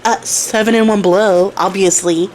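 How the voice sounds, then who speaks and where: A woman's voice: mid-range voice, steady tone, unhurried, a little mellow, a little hiss or hum, natural voice. A woman voicing a boastful young male tailor in a casual, swaggering way, with some swearing. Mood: cocky.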